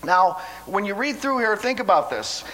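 Guy preaching a sermon, folksy and stammery, kinda high bright voice. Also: very animated, normal speed, low-quality recording. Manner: stammering restarts, folksy asides.

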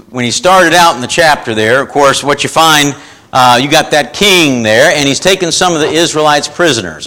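A man preaching a down-to-earth sermon, his voice pitched a little high and sounding bright and forceful. He reads scripture, then keeps throwing questions back at his listeners in a folksy, repetitive way. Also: poor audio. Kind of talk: informal sermon with scripture reading.

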